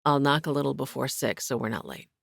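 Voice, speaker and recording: A woman lowering her voice into a calm, protective young man. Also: fast, vocal fry, dry recording, studio quality. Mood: gentle.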